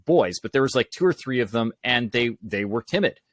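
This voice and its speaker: Man, podcast guest, public speaking coach, animated storytelling, average pitch, dry close sound. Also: no echo. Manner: animated anecdotes with quick asides. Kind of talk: conversational storytelling.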